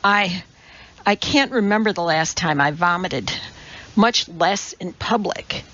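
A woman's voice: lowish voice, a bit bright, lo-fi sound. A woman reading an audiobook, voicing a flustered, embarrassed male scientist who is ill and talks weakly. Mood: sheepish. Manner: weak, embarrassed, halting.

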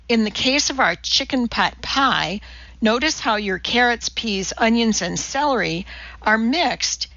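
A woman's voice: medium pitch, pushed and bright, no echo, highs cut off. A woman voicing an earnest, precise female TV cooking chemist who lectures in a matter-of-fact way, in an audiobook reading.

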